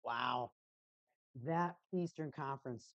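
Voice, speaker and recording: With an extremely low, gravelly voice, a woman takes it slowly as she casually calls play-by-play on her hockey watch party livestream. She's playful and rambling, repeating phrases sing-song style, and the muffled audio has no echo.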